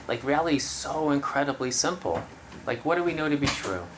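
Meditation teacher, relaxed and chatty, addressing a roomful of people in a dharma talk. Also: mid-range voice, fairly quick, background noise. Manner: relaxed, conversational, laughs easily. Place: room with about thirty people.

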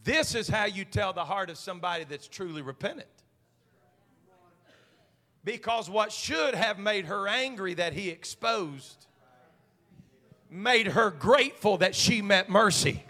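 High-voiced fervent preaching man. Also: expressive, measured pace, pauses often, in a large hall. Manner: fervent, swings from quiet asides to shouted climaxes. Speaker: senior pastor. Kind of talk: preaching a sermon. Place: church sanctuary.

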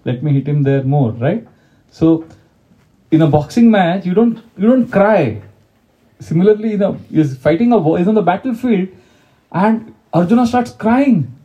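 With a high, warm voice and lively intonation, a spiritual teacher speaks at a moderate pace in a devotional lecture. He talks conversationally, questions his audience and recites Sanskrit verses. The audio sounds dull.

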